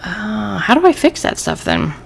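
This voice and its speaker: A woman's voice: medium pitch, very animated, moderate pace, creaky, a little hiss or hum. A woman hosting a let's play, thinking aloud and reading game text aloud, easily irritated by the game. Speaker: gaming channel host.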